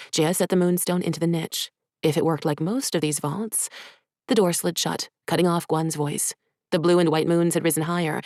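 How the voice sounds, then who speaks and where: A woman, an author, reading her own short story in soft, measured, hushed narration. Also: on the low side, no room sound, clean studio sound.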